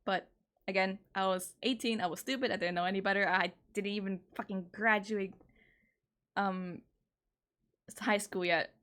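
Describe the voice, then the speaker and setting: Streaming from home, a woman in her twenties recounts a personal story in a casual chat, with a fairly bright tone, fairly even intonation, a moderate pace, and long pauses. She's candid and exasperated, swears a lot, and her pitch jumps when she's indignant.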